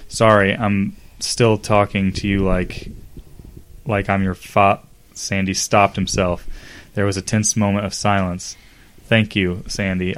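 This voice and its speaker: A man reading fan fiction aloud as a comedy podcast host, acting out the dialogue and breaking into laughs. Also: on the low side. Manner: reads dramatically, breaks into laughter and asides.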